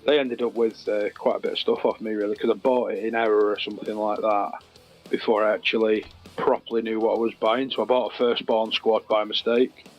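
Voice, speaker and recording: A man's voice: fairly low pitch, flat delivery, fairly quick, muffled recording, soft background music. A man, co-hosting in a casual chat, joking and telling rambling anecdotes. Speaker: co-host.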